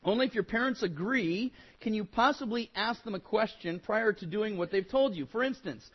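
A man teaching a children's Bible lesson, emphatic and repetitive in how he admonishes, and animated when he acts out whiny kid replies. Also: sits high, normal speed, slightly rough, lo-fi sound.

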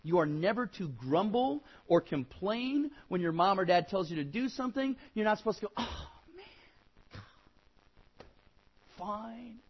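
A man teaching a children's Bible lesson, emphatic and repetitive in how he admonishes, and animated when he acts out whiny kid replies. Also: sits high, moderate pace, few pauses, breathy edge, dull audio.

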